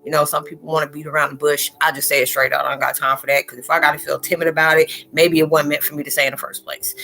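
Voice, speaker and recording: A woman's voice: lowish voice, a bit bright. A spiritual vlogger talking casually and loosely to her viewers, repeating "you know" as she goes. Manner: chatty, loose, talks straight out with lots of "you know".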